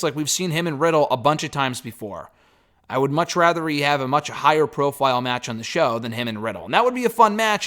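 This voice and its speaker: A man with a slightly higher voice talks through a wrestling talk show on his own. He is blunt and opinionated, swears now and then, and wanders loosely through his points with fillers and restarts. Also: fairly bright tone. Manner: blunt, opinionated, a bit profane. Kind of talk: casual solo review.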